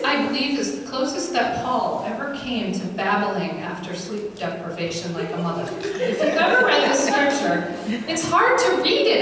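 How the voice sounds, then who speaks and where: A woman's voice: on the high side, fairly bright tone, a little hiss or hum. A middle-aged woman delivers a comedic scripture lesson with chatty, self-deprecating stories. She is recorded from far away in a large hall with a long echo. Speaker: speaker at a women's church gathering.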